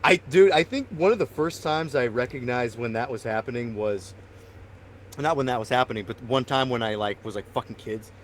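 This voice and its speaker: A man's voice: medium pitch, brisk, slight background noise. A man co-hosting a podcast, telling rambling, profane stories and laughing often. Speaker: podcast co-host. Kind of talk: casual chat.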